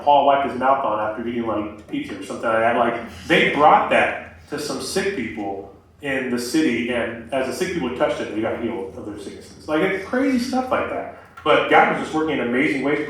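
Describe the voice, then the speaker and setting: A young man preaches to a campus group in a relaxed, chatty way, with plenty of fillers. His voice sits at an ordinary pitch. He is heard from a distance in a strongly echoing room. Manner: conversational, many fillers like "like" and "um". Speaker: campus ministry speaker. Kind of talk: casual sermon.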